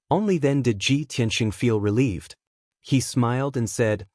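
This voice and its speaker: Steady male audiobook narrator, dry sound. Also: medium pitch, unhurried, no echo. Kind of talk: scripted narration.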